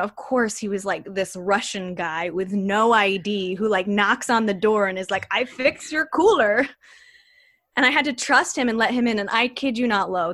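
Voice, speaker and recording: A young adult woman telling a personal story as a podcast guest, in a chatty, animated way with many fillers. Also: mid-range voice, no echo, studio quality. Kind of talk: casual storytelling.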